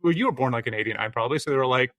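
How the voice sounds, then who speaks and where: A man co-hosting a casual film podcast, teasing his guests with quick interruptions. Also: mid-range voice, fairly bright tone. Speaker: podcast co-host.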